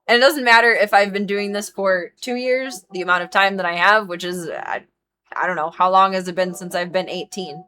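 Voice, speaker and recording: A woman's voice: medium pitch, bright, forceful tone. A woman in her thirties, a streamer and dog groomer, talking frankly and emphatically on a live stream and swearing freely. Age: 30s. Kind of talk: casual live-stream chat.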